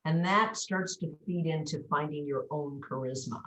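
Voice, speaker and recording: A low-pitched woman speech coach talks at normal speed on a video call, the audio echoey. She animatedly walks through pronunciation in a coaching interview, voicing example words.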